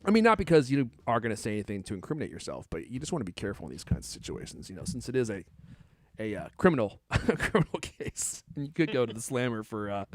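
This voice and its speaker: A man's voice: medium pitch, big pitch swings, fast talker, no echo, studio quality. Joking podcast host man. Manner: joking, teasing, laughs often. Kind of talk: casual chat.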